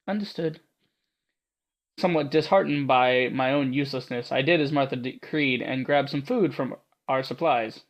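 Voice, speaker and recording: A man's voice: medium pitch, moderate pace. Man narrating a visual novel, joking. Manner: self-mocking, stumbling over reading. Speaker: gaming YouTuber. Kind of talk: let's play narration and commentary.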